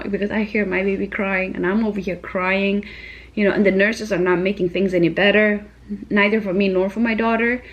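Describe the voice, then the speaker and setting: A woman's voice: mid-range voice, brisk, lo-fi sound. A young woman and new mother retelling a stressful story to camera in casual, emphatic vlog style, with many fillers.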